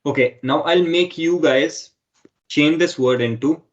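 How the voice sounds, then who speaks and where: A man's voice: on the high side, a little slow. French teacher man with a lo-fi sound. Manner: explains step by step, often repeating himself with "okay". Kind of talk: online language lesson.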